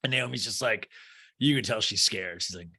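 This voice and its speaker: A man's voice: lowish voice, normal speed, creaky, bright, forceful tone, husky. Chatty, gossipy male podcast host. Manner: chatty and gossipy, laughing and swearing freely; sarcastic, mimicking cast members in exaggerated voices. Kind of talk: casual solo podcast recap.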